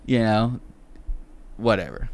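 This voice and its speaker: A man's voice: lowish voice, sing-song, slow, dry recording. A man co-hosting a podcast, chatting casually, rambling with fillers and swearing. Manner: rambling, profane, lots of fillers.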